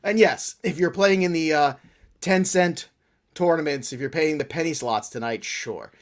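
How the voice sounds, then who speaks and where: A man co-hosting a sports podcast in casual, joking banter, often clearing his throat. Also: on the high side, moderate pace. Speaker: podcast co-host.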